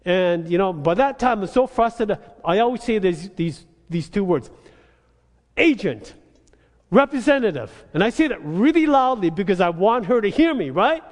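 A man preaching a sermon as pastor, telling animated stories about frustrating phone calls and asking the congregation "amen?". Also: high voice, normal speed, few pauses, long reverb tail. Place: church sanctuary.

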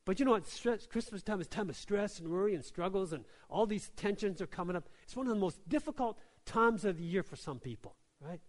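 A pastor preaching a sermon in a conversational way, often checking in with the listeners and dropping soft and slow on key lines. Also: male voice, high voice, expressive. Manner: conversational preaching with many tag questions.

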